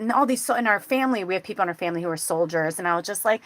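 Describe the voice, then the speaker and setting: A woman in her forties hosting a spiritual show, talking casually and acting out quoted dialogue in a chatty, animated way. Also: mid-range voice, very fast, hardly any pauses, no echo. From United States. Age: 40s. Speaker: spiritual medium host. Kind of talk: casual livestream chat.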